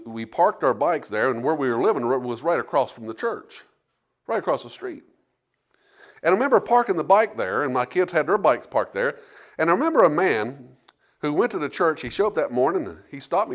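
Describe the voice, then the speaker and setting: A man's voice: mid-range voice, fairly quick, long pauses. A middle-aged man preaching as a pastor, telling stories and asking the congregation for amens. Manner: lively preaching with call-and-response amens. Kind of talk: sermon with storytelling.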